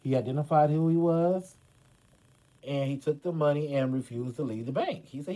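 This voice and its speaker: A man's voice: on the high side, moderate pace, warm tone, rough recording. A man hosting casual gossip commentary, chatty and dramatic, talking straight to his viewers with lots of fillers. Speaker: commentary host.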